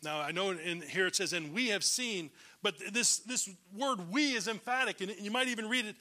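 Bright, high-voiced man preaching a sermon. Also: normal speed. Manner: emphatic, swings between loud declarations and hushed low lines. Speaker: pastor.

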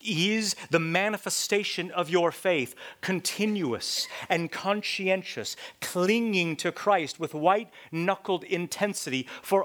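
A man preaching a sermon, swinging from loud, emphatic lines to hushed whispers and repeating key points. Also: high voice, takes it slowly, few pauses.

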